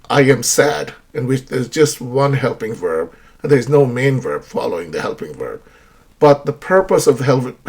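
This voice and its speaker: A man's voice: medium pitch, darkish tone, breathy edge. A man teaching an English grammar lesson, explaining with many example sentences and checking in with "right?".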